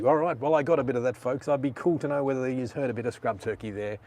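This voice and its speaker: A man's voice: medium pitch, fast talker, darkish tone. A man with an Australian accent hosting a casual live stream, chatting and rambling in slang.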